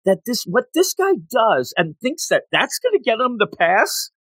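A man's voice: moderate pace, no echo. Man animatedly retelling a story. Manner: animated retelling, jumps high when quoting characters. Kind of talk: casual chat.

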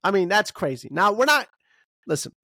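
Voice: big pitch swings, normal speed, sharp tone, no echo. Emphatic ranting podcast host, dry sound. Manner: emphatic, ranting, rhetorical questions; wide pitch swings, bursts of speed. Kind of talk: opinionated podcast monologue.

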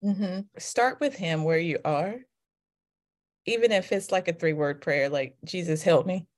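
A woman with children, a guest author, talking thoughtfully and softly about grief and faith. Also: on the low side, animated, measured pace. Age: adult with children. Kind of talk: reflective faith conversation.

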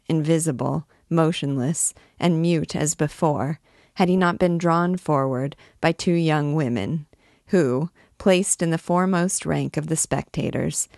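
A woman narrating a classic novel aloud in a measured, even reading voice, lightly voicing the characters. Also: deep voice, vocal fry, no echo, clean studio sound. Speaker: audiobook narrator.

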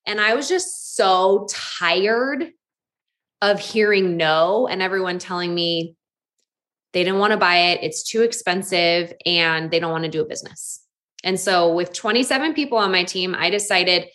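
A woman in her thirties telling a candid personal testimony about her business, lively and animated, acting out what she once said. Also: on the low side, normal speed. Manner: candid, animated, acts out her own past lines. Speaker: network marketing distributor.

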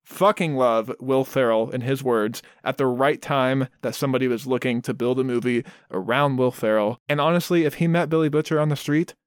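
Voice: medium pitch, brisk, hardly any pauses, no echo, studio quality. A podcast co-host talking bluntly and profanely. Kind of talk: casual podcast chat.

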